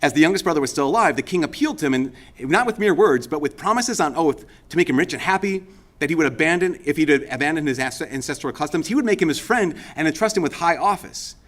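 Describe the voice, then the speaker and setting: A man, a Catholic priest, giving a conversational homily as an animated storyteller with casual asides and fillers. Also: fairly high pitch, fast.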